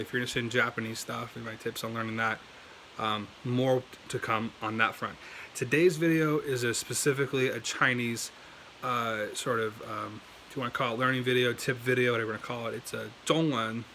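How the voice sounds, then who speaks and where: A man's voice: medium pitch, bright, forceful tone, slight background noise, rough recording. A young American man explaining language tones in a casual, rambling video lesson full of fillers and restarts. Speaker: language learning YouTuber.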